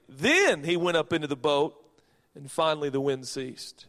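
A man from Seattle preaching a sermon as a pastor, reading scripture with folksy joking asides and swinging from soft to loud. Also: fairly high pitch, animated, normal speed. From Seattle, Washington, USA. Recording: long reverb of a large hall.

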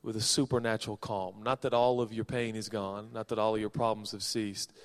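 A man from Seattle preaching a sermon as a pastor, reading scripture with folksy joking asides and swinging from soft to loud. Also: on the low side, flat delivery, brisk. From Seattle, Washington, USA. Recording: long reverb of a large hall.

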